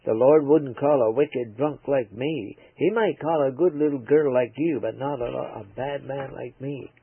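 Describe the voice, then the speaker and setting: A man voicing an older drunkard father who speaks roughly and runs himself down, heard over a tinny radio broadcast. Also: mid-range voice, measured pace, no room sound. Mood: gruff, humbled. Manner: rough, self-deprecating. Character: gruff, ashamed older male drunkard father.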